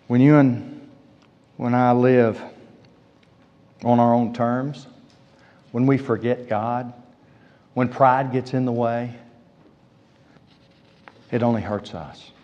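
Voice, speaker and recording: A man's voice: mid-range voice, warm tone. A man preaching a sermon, emphatic, repeating his key phrases for weight. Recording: dull lo-fi sound with long hall reverb.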